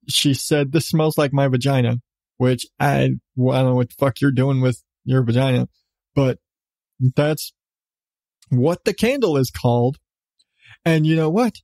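A man's voice: medium pitch, darkish tone, dry recording. A man hosting a podcast, ranting sarcastically about odd news with lots of swearing and laughs. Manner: profane, sarcastic, laughing often. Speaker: podcast host. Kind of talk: casual comedic news rant.

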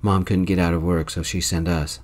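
A man playing a responsible young older brother in a soft-spoken whispered role-play, firm and earnest. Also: low voice, flat delivery, fairly quick, natural voice.

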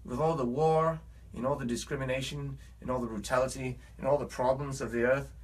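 A man's voice: mid-range voice, steady tone, fairly quick, husky. A man with a put-on British accent, a musician talking in a rambling, earnest and preachy vlog monologue.

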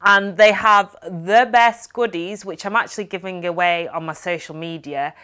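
A woman's voice: on the low side, moderate pace, bright, forceful tone, clear, resonant tone. Chatty woman with broad Yorkshire accent. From Yorkshire, England. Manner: chatty and upbeat, broad dialect phrases. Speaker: lifestyle vlogger. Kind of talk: casual vlog chat, unboxing.

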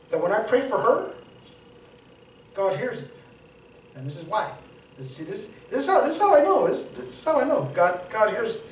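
A man's voice: high-pitched, slight background noise. A man preaching an informal storytelling sermon in a church, talking conversationally and repeating words as he builds to emphatic peaks. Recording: roomy church sound from a distance.

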